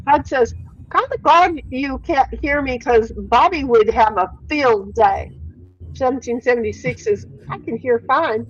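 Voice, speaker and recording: A woman's voice: high voice, a little slow, slightly rough, highs cut off. Chatty swearing woman livestreamer. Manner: chatty, swears freely, reads chat aloud. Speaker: livestream host. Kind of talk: casual chat reading viewer comments.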